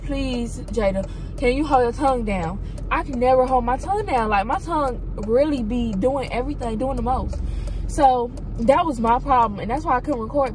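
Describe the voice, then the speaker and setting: A woman's voice: on the high side, background noise. A young woman, chatting animatedly to her phone in a parked car, talking around her new braces. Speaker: vlogger. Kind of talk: casual vlog chat. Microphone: phone propped up.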